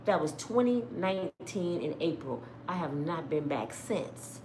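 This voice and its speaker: A woman from Michigan who hosts a livestream and tells her own stories to viewers in a blunt, animated, outspoken way. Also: fairly low pitch, a little slow, roomy sound, noisy background. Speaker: livestream host. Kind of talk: casual storytelling to viewers.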